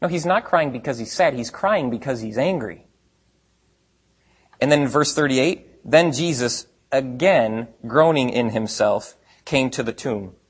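Husky man preaching conversationally. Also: medium pitch, lively intonation, unhurried. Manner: conversational preaching with rhetorical questions, swings between quiet and emphatic. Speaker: pastor. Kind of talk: sermon.

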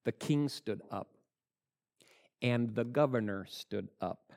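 A man preaching a sermon, acting out the people in the story and jumping from calm teaching to loud, high shouts. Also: takes it slowly, vocal fry. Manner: dramatic, acts out the characters with sudden loud shouts. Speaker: pastor.

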